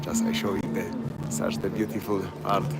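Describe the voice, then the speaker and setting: Loud music and street noise sit behind this deep-voiced man as he leads a nighttime walking tour through city streets on a live stream. Speaking in broken, chatty English with a Polish accent, he delivers flatly at a moderate pace and keeps repeating place names.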